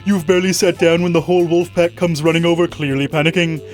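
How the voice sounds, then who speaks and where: A man's voice: on the high side, little pitch movement, fast, soft background music. Wry man reading game narration. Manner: wry, mock-dramatic.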